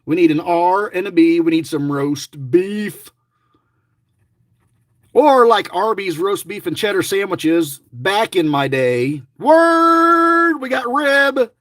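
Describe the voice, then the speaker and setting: A man's voice: a little high, animated, slow pace, dry recording, clean studio sound. A middle-aged man giving chatty, rambling running commentary to his viewers, grumbling and joking as he goes. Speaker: lottery scratch-off vlogger.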